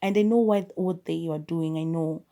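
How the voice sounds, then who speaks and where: A woman's voice: low-pitched, moderate pace, dark tone. A young woman, hosting a podcast and chatting expressively through a casual movie review. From Kenya. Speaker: podcast host.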